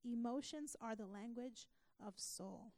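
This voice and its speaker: A woman's voice: fairly high pitch, measured pace, mellow, dry recording. A woman pastor teaching a church class, earnest and emphatic, asking her listeners questions.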